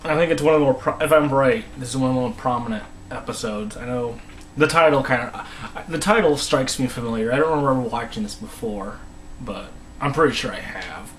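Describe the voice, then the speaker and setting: Guy rambling thru an episode recap, lots of restarts, trails off quiet, bit of hiss behind. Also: mid-range voice, poor audio. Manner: rambling, halting, many restarts and trailing mumbles. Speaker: episode reviewer. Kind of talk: casual solo recap.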